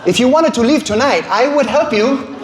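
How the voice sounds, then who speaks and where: A man putting on his gentle, timid father, who speaks in a soft, upbeat, nervous way. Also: very high voice, lively intonation, moderate pace, pitched above the performer's own voice. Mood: nervous confiding. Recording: roomy hall with background noise.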